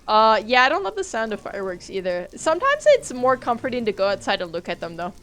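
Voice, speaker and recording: A woman streams a game live and chats with her viewers, jumpy and quick to swear. Her voice sits a little high and swings widely in pitch. A faint hiss of noise runs underneath. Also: wildly swooping pitch, a bit bright. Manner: jumpy, swears, talks to chat while playing. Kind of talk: live gaming stream chat.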